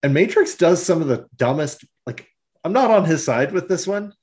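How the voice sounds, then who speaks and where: Man for podcast co-host, expressive pitch, animated and loose. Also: moderate pace. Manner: animated, laughs often, swears casually. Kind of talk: casual chat.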